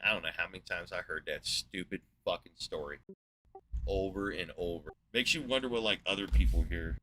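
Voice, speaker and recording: A man's voice: on the low side, sharp tone, slight background noise. A man in his forties from the United States, ranting in a sarcastic, profane monologue as a podcast host. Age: 40s.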